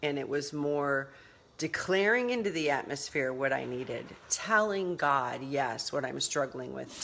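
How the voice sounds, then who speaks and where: A middle-aged woman giving motivational talk in a casual live stream, animated and laughing, walking through her morning routine with a phone in hand. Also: deep voice, breathy edge. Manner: animated, laughing, acts out quotes dramatically. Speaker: motivational vlogger.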